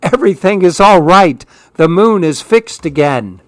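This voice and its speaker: A man voicing a small, excitable young monkey who squeals in high, urgent cries in a storybook reading. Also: measured pace, no room sound. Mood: happy.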